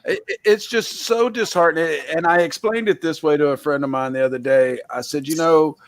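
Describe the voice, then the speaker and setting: A blunt, profane man hosting a casual chat, speaking a touch high for a man. The sound is dry and close. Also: a little fast, dry recording. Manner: blunt, profane, heated ranting. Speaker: host.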